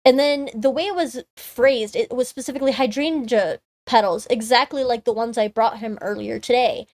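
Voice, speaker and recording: High-voiced woman streamer reading a game. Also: normal speed, no echo. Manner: chatty, many "like" fillers when commenting. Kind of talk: reading a visual novel aloud and commenting.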